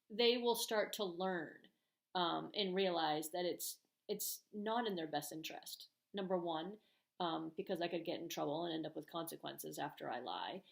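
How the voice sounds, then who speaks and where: A middle-aged woman talks through parenting advice in a relaxed, chatty way, filling pauses with frequent ums. She slips into quick acted-out lines of parents and children as she goes, at a medium pitch. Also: creaky, echoey room. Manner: chatty, uses many fillers, acts out parent and kid lines. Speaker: parenting channel host. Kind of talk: casual advice talk to camera.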